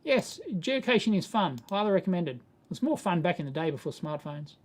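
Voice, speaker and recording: Australian male host, relaxed live Q&A, chuckly, rambling, unpolished. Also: high-pitched, fairly quick. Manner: rambling, chuckling, self-correcting. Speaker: live stream host answering viewer questions. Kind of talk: casual live Q&A chat.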